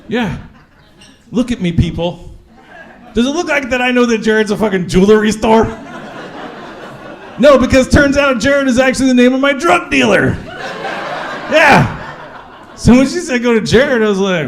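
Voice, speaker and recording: A man performing a stand-up comedy set in a club, telling crude stories with an animated delivery and sudden shouts. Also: high voice, fairly quick.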